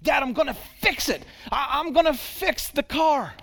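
A man playing an eager little boy, high and pleading. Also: expressive, moderate pace, sharp tone, exaggerated voice. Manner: earnest, breathless promising. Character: eager six-year-old boy pleading to make amends.

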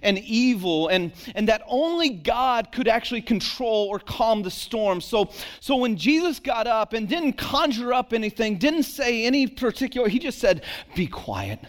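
The preacher is expressive and talks at normal speed with hardly any pauses, using rhetorical questions, repeated words and restarts, and lowering his voice softly for emphasis.

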